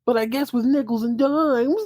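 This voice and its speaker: A woman's voice: fairly high pitch, moderate pace, darkish tone, no echo, studio quality, pitched above the performer's own voice, natural voice. A woman voicing a cranky young husband who is proud and resentful, talking in a clipped, aggrieved way.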